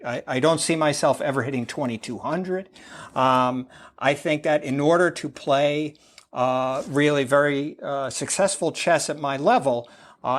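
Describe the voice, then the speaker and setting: A man's voice: medium pitch, a bit bright. Rambling middle-aged man, chatty guest. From United States. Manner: rambling, many fillers, laughs often. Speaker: podcast guest, amateur chess player. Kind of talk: casual interview talk.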